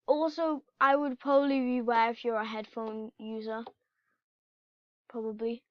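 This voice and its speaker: A woman giving casual, excitable commentary while playing a video game and chatting to her in-game pets. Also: fairly high pitch, measured pace, slight background noise. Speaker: gameplay channel host. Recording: dull lo-fi home recording.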